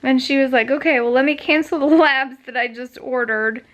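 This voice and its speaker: A woman's voice: high-pitched, moderate pace, dull audio. A woman vlogger chatting casually, telling a long story with many fillers and asides. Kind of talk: casual chat.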